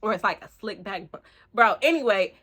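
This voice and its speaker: A young woman, rambling excitedly in a casual book review, full of fillers and slang. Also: mid-range voice, brisk, slightly rough. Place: room at home, street outside.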